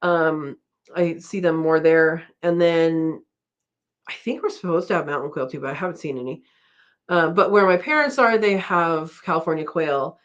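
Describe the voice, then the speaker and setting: A woman's voice: sits low, normal speed. A middle-aged woman hosting a casual live-stream chat, rambling and laughing often as she reads out comments. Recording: dull lo-fi stream audio.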